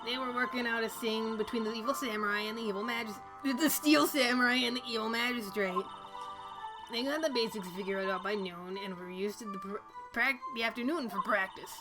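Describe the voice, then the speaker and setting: A nosy, chatty old woman working as a security guard drawls her words and calls everyone dearie, as a woman streamer puts her on. Her voice sits a little high. Game music plays loudly under her. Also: a little fast, natural voice. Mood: gossipy. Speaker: streamer reading game dialogue.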